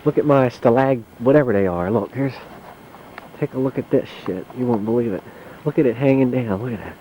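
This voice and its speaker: A man narrates his own home video in a chatty, wry way and curses mildly as he goes. His voice sits at a medium pitch and has a mellow tone. It is recorded on a handheld camcorder outdoors in deep mountain snow. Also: fairly quick, slight background noise, rough recording. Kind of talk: casual narration while filming.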